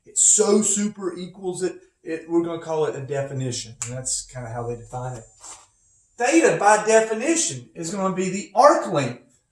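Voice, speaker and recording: A man's voice: fairly high pitch, big pitch swings, moderate pace. Rambling male physics teacher, echoey room. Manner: rambling, chatty, with many asides. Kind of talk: casual recorded lecture. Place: home. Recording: echoey room, faint noise.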